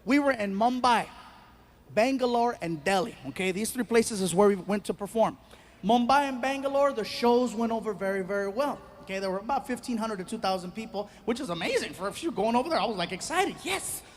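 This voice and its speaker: A man performing stand-up comedy, telling a story in an animated way with bursts of shouting. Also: sits high, a little fast, a little hiss or hum.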